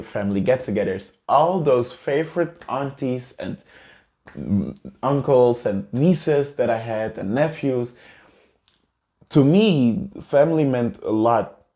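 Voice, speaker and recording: A man's voice: medium pitch, darkish tone. A man earnestly and emotionally telling a personal story to camera in a vlog. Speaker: vlogger.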